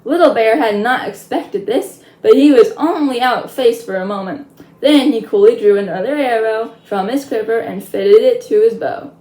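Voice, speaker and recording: A woman reads a children's chapter book aloud in a lively way, with a fairly high voice. The sound is roomy, with a clear echo around her. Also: moderate pace. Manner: lively read-aloud with chatty asides. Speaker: storyteller.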